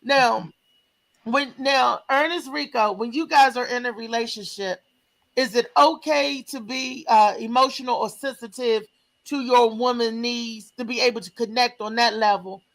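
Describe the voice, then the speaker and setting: Talk host, female, gravelly voice, loose repetitive chatty delivery. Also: a little high, moderate pace, low-quality recording. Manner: lively, repeats words when starting. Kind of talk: casual call-in chat.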